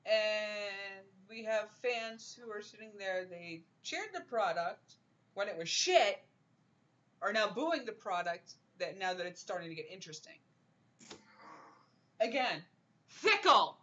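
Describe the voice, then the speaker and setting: A young woman hosting a casual wrestling chat, animated, ranting and laughing often. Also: medium pitch, unhurried. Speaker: podcast host. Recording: dull lo-fi stream audio.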